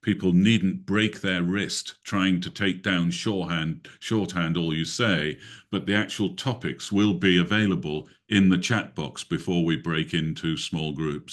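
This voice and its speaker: A man with an English accent hosting an online prayer meeting, genial and rambling over a video call. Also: deep voice. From England. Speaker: host.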